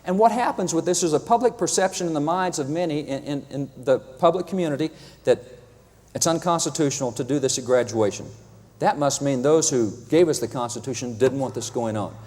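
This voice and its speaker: A man's voice: on the high side, brisk, darkish tone. A man giving a lecture with slides, emphatic and wry, often reading quotations aloud. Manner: reads out quotations. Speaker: public speaker on history. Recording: long hall reverb.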